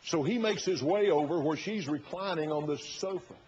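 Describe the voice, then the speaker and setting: A man's voice: fairly high pitch, normal speed, a little mellow, husky. Folksy preacher man, lo-fi sermon. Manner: folksy, retells the story with quoted inner thoughts. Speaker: pastor.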